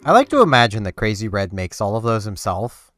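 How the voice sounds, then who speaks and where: A man's voice: fairly low pitch, big pitch swings, fairly quick, a bit bright, faint music behind. A man giving casual let's-play commentary, rambling and talking to himself and to the game as he plays. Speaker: gameplay commentator.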